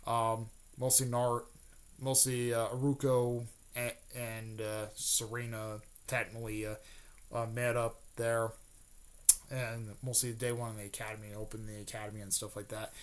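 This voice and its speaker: A man casually retelling a fan-made story off the cuff, rambling with many fillers and restarts and tossing in quick snippets of characters' lines. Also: mid-range voice, level tone, clear, resonant tone.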